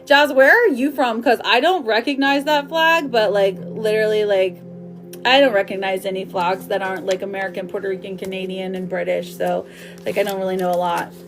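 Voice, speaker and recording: A woman's voice: medium pitch, fairly even intonation, fairly quick, over music. A woman giving a live-streamed tarot reading in a chatty, affectionate way, calling her viewers darling and my love. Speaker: tarot reader.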